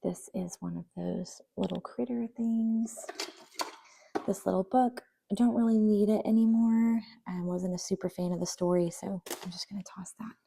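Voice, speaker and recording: A woman's voice: medium pitch, fairly even intonation, moderate pace, vocal fry, warm tone, husky. A young woman chatting casually while sorting her kids' toys, often trailing into near-whispers. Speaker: vlogger. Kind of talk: casual voice-over while decluttering.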